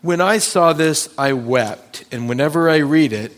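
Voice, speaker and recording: A man preaching a sermon as pastor, emphatic and deliberate, acting out Bible scenes with dramatic pauses. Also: a little high. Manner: emphatic, acts out Bible scenes in changing voices.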